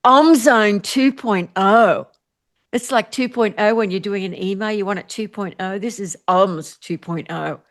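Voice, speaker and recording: A woman's voice: medium pitch, measured pace. A woman hosting an online spiritual event, chatting effusively and guiding a meditation, with frequent laughs. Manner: bubbly and effusive, laughs often. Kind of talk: guided meditation and livestream chat.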